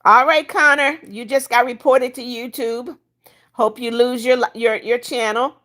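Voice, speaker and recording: A woman's voice: a little high, little pitch movement, unhurried. An older woman hosting a casual livestream, reading viewer comments aloud and bluntly kicking out troublemakers. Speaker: livestream host reading chat.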